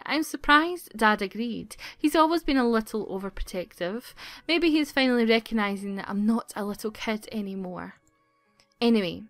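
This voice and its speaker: A woman's voice: a little high, fairly bright tone, dry recording. Playful woman reading a game aloud. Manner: playful, giggly, sarcastic asides. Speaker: gaming YouTuber.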